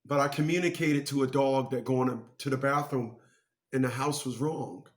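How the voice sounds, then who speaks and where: A man's voice: medium pitch, steady tone, normal speed. A man giving a motivational monologue who speaks emphatically and repeats phrases to drive his points home.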